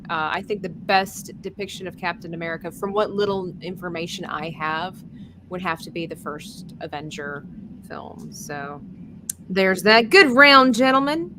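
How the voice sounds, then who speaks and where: A woman's voice: fairly low pitch, fairly even intonation, a little slow, noisy background. A young woman co-hosting a podcast, chatting casually and rambling with restarts. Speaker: podcast co-host. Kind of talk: casual chat.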